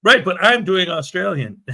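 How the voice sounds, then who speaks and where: A man's voice: high voice, sing-song, slow, vocal fry, pushed and bright. A man hosting a casual morning livestream, chatty and jokey as he reads viewer comments aloud. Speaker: livestream show host.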